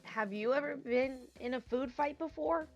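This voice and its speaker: A woman's voice: sits high, normal speed, muffled recording, voice pushed up. A woman voicing an earnest, overwhelmed teenage boy who leads a club, speaking hesitantly with small stammers. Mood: puzzled.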